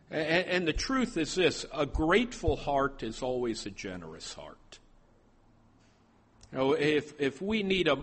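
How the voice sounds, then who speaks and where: A man's voice: mid-range voice, husky. A male pastor preaching a sermon, stopping often and repeating his words as he goes.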